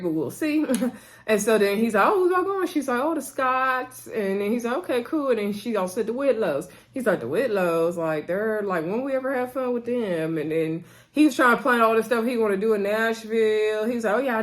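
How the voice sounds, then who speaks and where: Chatty woman recapping a reality show. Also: mid-range voice. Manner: chatty, retells scenes in quoted back-and-forth; sassy asides addressing cast as "girl". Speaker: TV recap vlogger. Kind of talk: casual recap chat.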